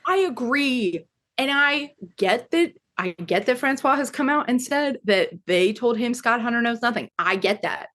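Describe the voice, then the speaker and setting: A woman's voice: on the high side, expressive, normal speed, a bit bright. Gushing woman in casual podcast chat. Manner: gushing and enthusiastic, many "like" fillers. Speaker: podcast co-host discussing a TV adaptation.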